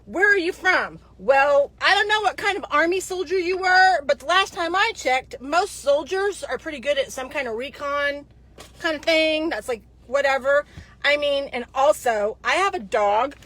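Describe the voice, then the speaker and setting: A middle-aged woman from Dallas, Texas, ranting to camera in a casual vlog, exasperated and animated, with many restarts. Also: high-pitched, moderate pace. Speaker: vlogger.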